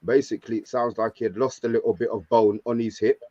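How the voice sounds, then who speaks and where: A man's voice: mid-range voice, fairly even intonation, fast talker, warm tone, no room sound. A man giving his picks as a panelist in a casual football chat, laid-back with hesitant fillers. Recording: dull lo-fi sound.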